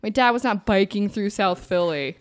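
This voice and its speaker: A woman's voice: mid-range voice, lively intonation, moderate pace, smooth. A woman chatting casually as a podcast guest, swearing often, laughing and trailing off mid-sentence. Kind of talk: casual chat.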